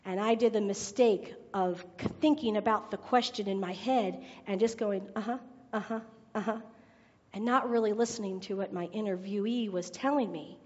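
A woman's voice: mid-range voice, moderate pace, few pauses. A woman preacher telling a joke and then giving her sermon, chatty and laughing at her own jokes. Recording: reverberant hall, dull sound.

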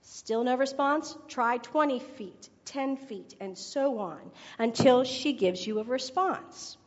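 Helpful joke doctor, read by a woman preacher, instructive, step by step, high voice, roomy hall. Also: takes it slowly. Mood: instructing. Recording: reverberant hall, dull sound.

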